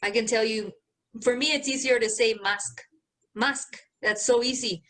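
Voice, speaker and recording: Brief: higher-pitched woman podcast co-host from Mexico, casual, laughs a lot, swears. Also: brisk, a bit bright. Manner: laughs often, swears freely. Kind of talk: casual chat.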